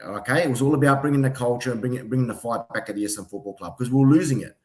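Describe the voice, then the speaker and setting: A man's voice: mid-range voice, racing, a little mellow, echoey room. An Australian man in a footy debate who rambles, stumbles and repeats his words as he defends his club. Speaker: podcast co-host. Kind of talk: heated footy banter.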